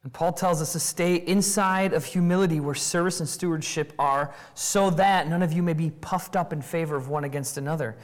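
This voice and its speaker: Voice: mid-range voice, a little fast, few pauses. A preacher giving an expository sermon, firing off rhetorical questions and acting out quoted voices. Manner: animated, acts out quoted voices.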